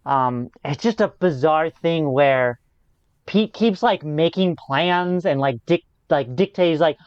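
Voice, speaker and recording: Brief: podcast co-host, smooth resonant voice, dry dull mic, wry casual recap. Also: medium pitch, unhurried, dry recording. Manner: wry, laughs often. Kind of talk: casual movie recap chat.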